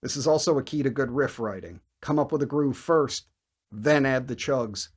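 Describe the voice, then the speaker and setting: Male bass teacher, emphatic and lively, counts beats and sings riff rhythms aloud, mid-range voice. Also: moderate pace, breathy edge. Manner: energetic, emphatic explaining. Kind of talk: instructional video lesson.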